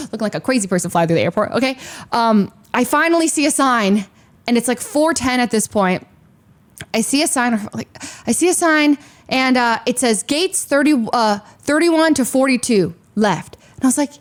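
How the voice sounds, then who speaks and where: A young woman with a slightly high voice chats casually to her stream audience. She retells things in an animated, breathless way and jumps up into shrill exclamations. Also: brisk. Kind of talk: casual storytelling to a stream chat.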